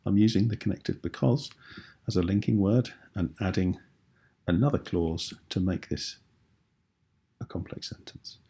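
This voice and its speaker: A British man teaches a video lesson with a low, gravelly voice. His tone is husky and a little rough. He explains each point patiently and clearly. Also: normal speed, long pauses, mellow.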